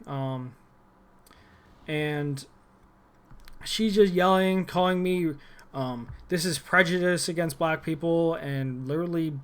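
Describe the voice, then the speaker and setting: A man's voice: a little high, slow pace, long pauses, clean tone. A young man ranting about a former job in a rambling, irritated way, with frequent restarts and fillers. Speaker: former gym employee. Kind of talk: casual vlog rant.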